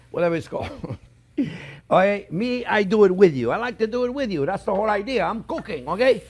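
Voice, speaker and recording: A man hosting a cooking demonstration, chatty and joking, talking straight to his viewers as friends and checking in with them often. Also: high-pitched. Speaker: cooking show host, chef.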